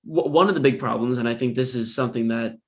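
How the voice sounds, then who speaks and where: A man's voice: medium pitch, quick pace. A man hosting a podcast interview, asking thoughtful questions and hunting for words as he goes. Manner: thoughtful, searching for words with fillers like 'like'. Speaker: podcast host. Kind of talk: casual interview chat.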